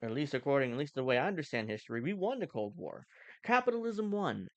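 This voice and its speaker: A man's voice: medium pitch, big pitch swings, rapid-fire, no room sound. A man hosting a casual live stream, reacting to news clips with sarcastic, mocking rants. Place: home, cooking during stream.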